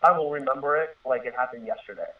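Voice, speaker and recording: A man's voice: medium pitch, fast talker. A man in his thirties telling a personal story in a casual, earnest way, rambling with fillers and restarts. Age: 30s. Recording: tinny distant phone-line radio sound.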